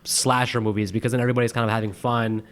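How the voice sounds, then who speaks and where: A man co-hosting a casual movie review chat, animated and quick to laugh, acting out quotes in exaggerated voices. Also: mid-range voice. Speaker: podcast co-host.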